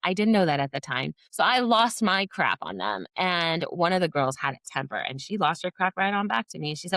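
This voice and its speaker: A woman's voice: on the low side, fast talker, no room sound. A middle-aged woman, a former teacher, telling stories in a podcast interview, animating them with quoted voices. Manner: animated storyteller who acts out quoted voices. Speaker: podcast guest, former teacher and behavior specialist. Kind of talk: conversational storytelling in a podcast interview.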